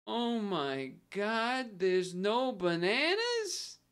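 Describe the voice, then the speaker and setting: A dramatic old man, as a streamer puts him on, dragging his words out slowly with theatrical dismay. The voice sits well above a normal speaking pitch. It sounds like a put-on character voice inside a casual story. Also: sing-song, a bit bright, smooth, exaggerated voice. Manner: slow, drawn-out, theatrical dismay.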